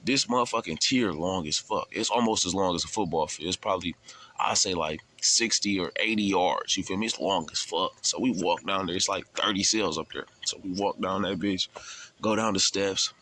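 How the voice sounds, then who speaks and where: A man's voice: sits low, normal speed, sharp tone. A man telling a story in a loose, profane, casual way, laughing along as he goes.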